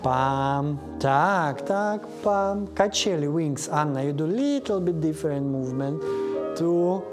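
With lively intonation and a slow pace, a medium-pitched voice leads a studio ballet class, counting beats and correcting individual students by name. The teacher speaks with a Russian accent, being a native Russian speaker, and class music from a piano plays in the background.

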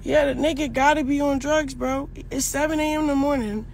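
A woman's voice: high-pitched, steady tone, brisk, creaky, a little mellow, a little hiss or hum. A young woman, upset and shaken, angrily ranting into her phone by a car, cursing and repeating herself. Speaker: mother filming a live phone video. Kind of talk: agitated phone video rant. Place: in and around a car, outdoors.

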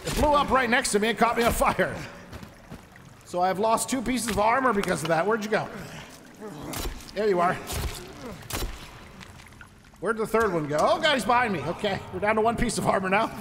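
In a large, noisy hall, a high-pitched man speaks at a normal speed with lively intonation and frequent pauses. He's doing let's play commentary on his survival game, joking around and addressing enemies mid-fight.

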